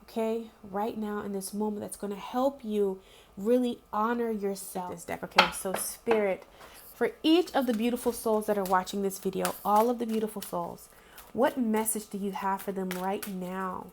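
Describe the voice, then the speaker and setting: A woman's voice: medium pitch, steady tone, normal speed, background noise. A young woman giving a casual, heartfelt spiritual talk to her viewers, repeating herself and using lots of fillers as she speaks. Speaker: spiritual reader. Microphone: home video recording.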